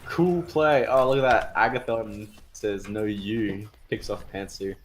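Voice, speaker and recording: A man casting a live esports match, chatty and excitable, breaking out in sudden cheers. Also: medium pitch, measured pace, a little hiss or hum. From Australia. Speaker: esports caster. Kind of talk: live esports play-by-play commentary.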